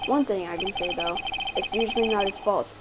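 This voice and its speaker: A woman's voice: medium pitch, brisk, very noisy, natural voice. A woman reading a nervous rookie male lawyer. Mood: narrating. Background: loud game music.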